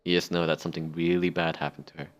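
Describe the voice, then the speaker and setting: A man giving joking, excitable let's play commentary, often laughing and getting loud. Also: sits low, fast talker. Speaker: gaming YouTuber.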